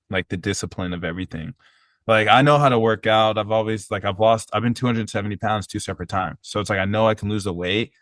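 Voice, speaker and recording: Earnest low-voiced man telling his story. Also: fairly bright tone, no echo. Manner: earnest, rambling with many fillers and restarts. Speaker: podcast guest, personal trainer. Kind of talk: casual conversational storytelling.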